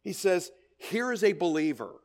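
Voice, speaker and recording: A man's voice: high voice, lively intonation, moderate pace, darkish tone. A middle-aged man preaching a sermon, stressing his points, repeating key phrases and checking in with the congregation. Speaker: pastor.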